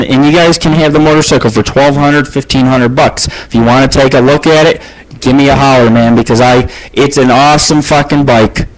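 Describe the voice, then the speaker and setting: A man's voice: mid-range voice, rough recording. A middle-aged man hosting his own radio show, telling crude stories in a profane, boastful ramble. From United States.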